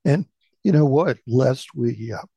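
Slow, gravelly storytelling host. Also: male voice, mid-range voice, expressive, dark tone, dry recording, highs cut off. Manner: folksy, conversational storyteller. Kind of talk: radio storytelling and announcements.

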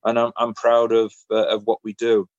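A man's voice: lowish voice, normal speed, no echo, muffled recording. A man spins a personal anecdote in casual conversation. He tells it with energy and slips into voices for the people in his story. The recording is close and dry, with almost no room sound. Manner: lively, acts out other people's lines in voices. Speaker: interview guest.

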